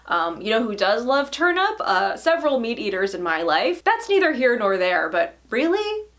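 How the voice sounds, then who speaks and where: A woman hosting a vegan vlog, talking in an animated, sarcastic way and laughing often. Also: fairly high pitch, moderate pace. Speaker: vegan YouTube host. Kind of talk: casual vlog commentary.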